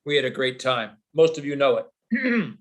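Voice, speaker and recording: A man's voice: mid-range voice, big pitch swings, measured pace. A man hosting an online open folk sing over a video call, making chatty announcements with fillers and singing a sea shanty in full voice.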